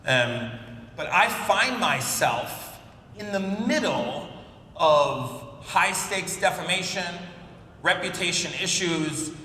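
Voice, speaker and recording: A man on stage giving a conference keynote in a storytelling style, joking with the audience and calling people up. His voice is bright and forceful and sits a little high. The sound carries a long reverb from a large, echoey hall. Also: a little hiss or hum. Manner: storytelling, jokey, works the crowd. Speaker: keynote speaker.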